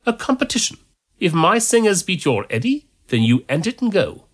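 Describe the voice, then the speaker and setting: A man voicing an eccentric, scheming male time-traveller in an amateur audiobook reading, in a brisk, theatrical way. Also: high voice, very animated, fairly bright tone, voice pushed up, exaggerated voice.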